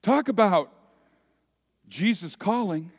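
A pastor preaching a sermon, telling a story dramatically and dropping at times to a hushed voice. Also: male voice, high voice, lively intonation. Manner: slow, dramatic storytelling that swings from loud to hushed. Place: church sanctuary. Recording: long reverb of a church hall.

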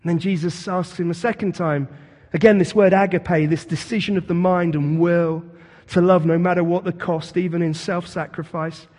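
A man preaching a sermon as pastor, retelling scripture as a vivid, animated story. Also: high voice, moderate pace, big-room sound. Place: church.

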